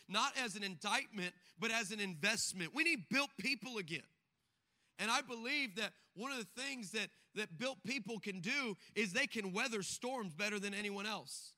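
A man's voice: high-pitched, pushed and bright. A male pastor preaching a sermon, mixing emphatic exhortation with comic stories where he acts out the voices of the people in them. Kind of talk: sermon with humorous storytelling.

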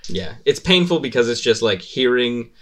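A man's voice: medium pitch, big pitch swings, normal speed. A man hosting a casual podcast, rambling, swearing often and laughing between thoughts. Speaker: podcast host.

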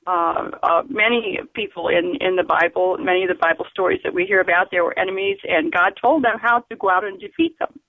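A woman calling in to a radio show, speaking earnestly and emphatically, with many fillers and pauses. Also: on the low side, no room sound. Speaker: caller. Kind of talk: call-in radio comment. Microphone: telephone. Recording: tinny phone line.

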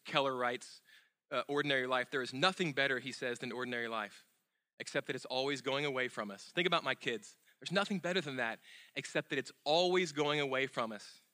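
Bright-voiced man preaching a sermon. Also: normal speed. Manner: earnest, repeats key phrases, drops soft and low on closing lines; fillers and restarts in unscripted stretches. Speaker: pastor.

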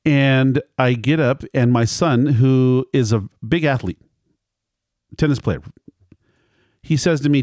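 A man's voice: medium pitch, slow pace, pauses often, darkish tone, dry recording, studio quality. A middle-aged man telling a family story in casual conversation, rambling and correcting himself as he acts out quoted lines.

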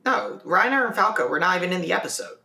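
Laid back co-host, bright sharp voice, kinda unsure, roomy echo. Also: medium pitch, expressive, fast talker, creaky. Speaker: podcast co-host. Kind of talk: casual chat about an anime episode.

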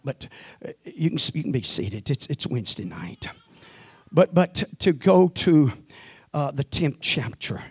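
A middle-aged man preaching a sermon, sprinkling in amens and building to shouted climaxes. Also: medium pitch, husky, no room sound. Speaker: pastor.

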